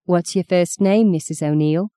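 A woman's voice: fairly low pitch, normal speed, mellow, dry recording, close to an everyday voice. A woman voicing a chatty, frank Australian farm wife with an Australian accent in a storybook reading. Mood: welcoming.

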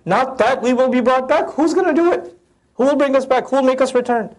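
A man lectures on the Quran at a rapid clip, his voice sitting high. He recites Arabic lines and unpacks them with lively, acted-out voices. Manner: animated, acts out voices of the verses; recites Arabic verses then translates. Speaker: Quran teacher.

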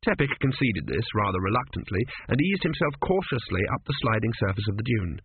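A man reading comic narration aloud in a wry, measured storytelling manner. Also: fairly low pitch, very animated, vocal fry, slight background noise. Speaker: audiobook narrator. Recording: dry, phone-like narrow sound.

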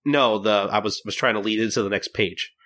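A man's voice: fairly low pitch, fairly even intonation, brisk, sharp tone. A man hosting a podcast, recapping a manga chapter in casual chat with many fillers and restarts. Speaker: podcast host.

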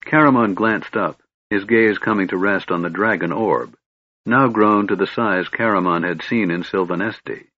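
Man reading an audiobook, low husky voice, kinda muffled dry sound. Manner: steady, measured storytelling. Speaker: audiobook narrator. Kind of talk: scripted narration.

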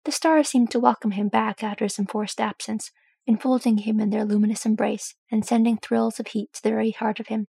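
A woman reading fan fiction aloud, with steady storytelling. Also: on the high side, brisk, vocal fry, husky, no room sound. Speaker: audiobook reader.

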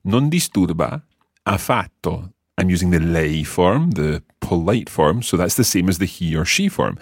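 A man's voice: low-pitched, expressive, normal speed, dry recording, studio quality. A man teaching a language lesson, patiently explaining step by step and quizzing the learner.

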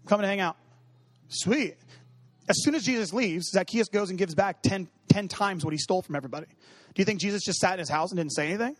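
A man's voice: high voice, fast, dry recording. A man giving a casual, humorous sermon, talking conversationally and acting out little dialogues. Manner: humorous, acts out quoted dialogue; conversational, many fillers like 'you know what I mean'. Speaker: preacher.

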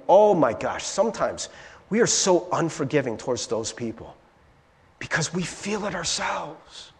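This pastor's voice sits a little high, and he preaches at a measured pace, lively and conversational, repeatedly tossing in "right?" to check in. It's recorded in a church sanctuary with the long echo of a large hall.

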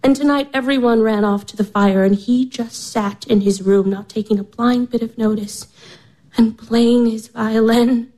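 Actress doing a worn-out young woman near tears, kinda low for a girl, mellow dark tone. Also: fairly even intonation, normal speed, lightly acted. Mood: despairing. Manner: anguished, tearful, breaking into whispers. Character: despairing young woman nearly twenty-four, weary of life. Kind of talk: stage drama acting.

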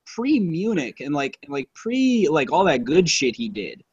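A man's voice: a little high, big pitch swings, unhurried, husky, no room sound, muffled recording. A man co-hosting a casual movie-review chat, rambling and profane, with lots of fillers and self-corrections. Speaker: podcast co-host reviewing a movie.

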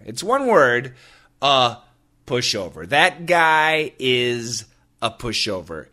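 Animated, bright-voiced male English coach. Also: medium pitch, slow. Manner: playful, jokey, slips into silly put-on voices. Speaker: English teacher and podcast host. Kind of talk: casual teaching podcast.

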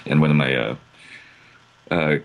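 A man's voice: extremely low pitch, steady tone, measured pace. A man co-hosting a podcast, speaking dryly and hesitantly with many uhs. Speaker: podcast co-host. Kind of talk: casual podcast chat.

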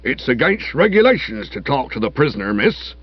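A man voicing a gruff, morose village constable who grumbles slowly. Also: mid-range voice, sing-song, no echo, highs cut off. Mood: stern. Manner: gruff, sour, slow and grumbling.

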